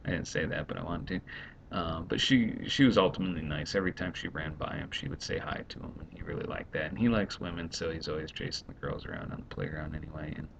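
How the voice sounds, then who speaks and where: A man's voice: vocal fry, a bit bright. A man in his thirties, a stay-at-home dad, rambling and exasperated in a casual vlog monologue. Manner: rambling, exasperated, quickly acts out others. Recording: dull lo-fi home recording, faint rumble.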